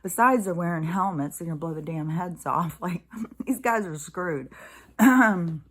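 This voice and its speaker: A woman's voice: on the low side, animated, a little slow, breathy edge. A woman vlogger in a casual, blunt monologue to camera, swearing freely and mocking others by acting out their lines.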